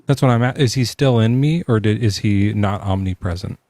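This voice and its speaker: An atheist caller phones a late-night debate and mockingly questions a believer, sarcastic and teasing. His voice sits on the low side, warm in tone and fairly quick.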